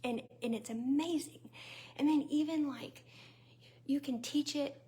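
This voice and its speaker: A chatty woman with a Southern US accent, her voice sitting a little high. She talks straight to her viewers in a loose, conversational way, full of fillers and small laughs, over a faint hum in the background. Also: unhurried, warm tone. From Southern United States. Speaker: vlogger and small business owner. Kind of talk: casual talk to camera.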